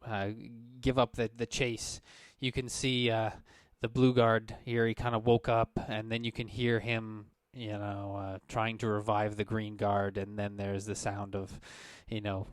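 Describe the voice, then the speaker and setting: A man narrates as game master in a fairly low voice, loose and full of fillers. His voice sounds dry and close, with little room around it. He drops into quick character asides between the narration. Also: dry recording.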